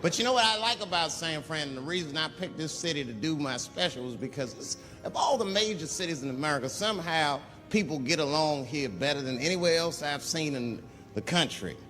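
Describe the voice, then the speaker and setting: A middle-aged man doing stand-up on a theater stage, telling stories animatedly and shouting some punchlines. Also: fairly high pitch, fairly quick, over music. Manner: animated storytelling, swings to loud shouted punchlines. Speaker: stand-up comedian. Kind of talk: stand-up comedy routine. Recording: big hall, loud crowd and noise. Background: audience laughter and applause.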